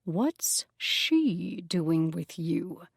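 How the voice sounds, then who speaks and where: A woman's voice: medium pitch, expressive, unhurried, no echo, studio quality, exaggerated voice. A woman hissing as a menacing male Cyclops. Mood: hostile. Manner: hissed, breathy whisper. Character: Antony, hostile male Cyclops driver, menacing. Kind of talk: audiobook character voice.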